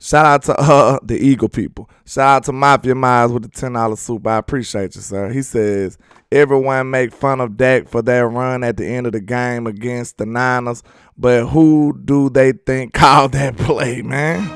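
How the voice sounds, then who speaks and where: A man's voice: medium pitch, steady tone, normal speed, clear, resonant tone, no echo, clean studio sound. A young man hosting a casual football livestream, talking loosely to his chat and laughing often. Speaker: sports channel host.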